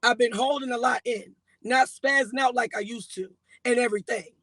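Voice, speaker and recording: High-voiced man retelling an argument. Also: normal speed, dry recording, low-quality recording. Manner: animated, acts out both sides of arguments. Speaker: guest recounting a breakup. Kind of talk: emotional casual storytelling.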